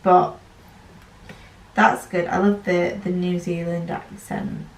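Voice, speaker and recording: A woman's voice: lowish voice, level tone, a little hiss or hum. A young woman chatting casually and at length while she crafts. She has a runny nose. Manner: rambling, fast-talking. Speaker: crafting vlogger. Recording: roomy, distant from the mic.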